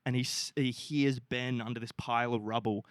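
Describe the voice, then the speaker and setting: Animated young man, dry sound. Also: mid-range voice, normal speed, clean tone, no echo. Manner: animated, swearing, acting out characters' lines. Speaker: podcast co-host. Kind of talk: casual chat, retelling a film plot.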